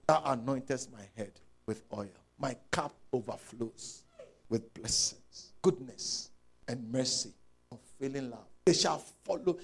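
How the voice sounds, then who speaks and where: A male pastor preaching a sermon, emphatic and repeating key lines, swinging between shouted peaks and low murmurs. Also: vocal fry.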